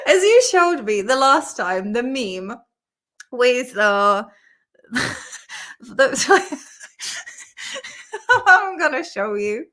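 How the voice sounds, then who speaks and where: Giggly Czech-accented woman, bright voice. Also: high voice, sing-song, slow, pauses often. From Czech Republic. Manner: giggly, chatty, lots of fillers. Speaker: host. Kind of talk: casual chat with viewers.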